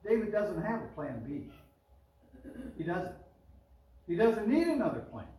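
A man's voice: high voice, sing-song, unhurried, mellow. A man preaching a sermon as pastor, in a chatty way, pushing his voice up on the words he stresses. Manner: conversational preaching, rising emphatic on key words. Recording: roomy echo, mic at a distance.

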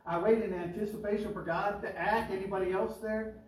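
A male pastor preaching in a loose, conversational way that climbs in pitch and force when he drives a point home. His voice rings with heavy echo and sits back from a distant microphone. A faint room hum runs underneath. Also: steady tone, brisk. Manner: conversational preaching, rising emphatic on key words. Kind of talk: sermon. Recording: roomy echo, mic at a distance.

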